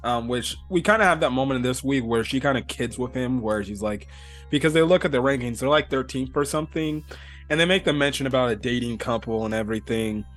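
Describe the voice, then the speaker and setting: A man with a middle-pitched voice talks through an episode recap in a loose, chatty way. He rambles, restarts his thoughts and leans on fillers, getting excitable as he goes. Soft music plays faintly underneath. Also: fast. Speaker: anime reviewer. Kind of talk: casual episode review.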